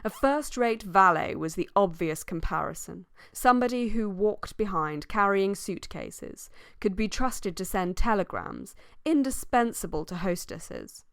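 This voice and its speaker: A woman reading a novel aloud as an audiobook, with expressive rises in pitch for emphasis. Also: unhurried, few pauses, no echo, studio quality. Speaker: audiobook reader. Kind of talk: scripted audiobook narration.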